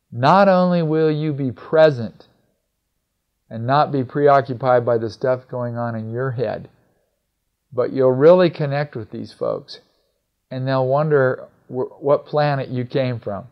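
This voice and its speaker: Middle-aged guy teaching a communication lesson, chatty, dull lo-fi sound. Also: medium pitch. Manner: conversational, acts out quoted dialogue. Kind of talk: instructional talk. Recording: slightly dull, lo-fi recording.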